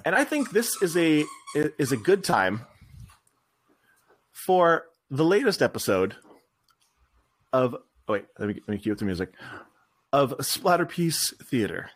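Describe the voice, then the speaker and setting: A man co-hosting a podcast, chatting casually about a movie, relaxed and rambling with laughs. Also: on the high side, measured pace, long pauses. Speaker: podcast co-host.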